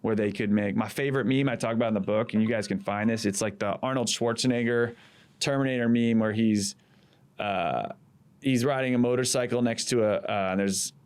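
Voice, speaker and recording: A man in his thirties, a former campaign manager, telling animated stories in casual podcast chat, acting out quotes and swearing freely. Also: on the low side, brisk, smooth.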